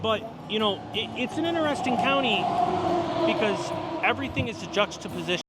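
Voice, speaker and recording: A man in a car on a highway, casually explaining the local area in a rambling way, heard from a played video. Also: lively intonation, a little fast, very noisy. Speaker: local guide in a documentary vlog. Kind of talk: casual talk in a moving car. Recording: played video with music over it.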